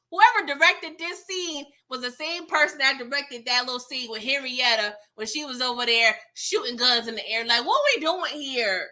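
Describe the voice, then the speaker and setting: A woman's voice: high voice, pushed and bright. A woman giving a chatty, exasperated recap of a TV episode, laughing at scenes and greeting her viewers by name. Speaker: TV episode reviewer. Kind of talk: casual recap commentary.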